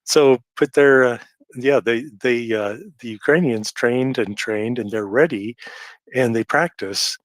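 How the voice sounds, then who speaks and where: A man talking hesitantly in a casual live audio chat, pausing often with fillers. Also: medium pitch, dry recording. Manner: hesitant, halting, many fillers.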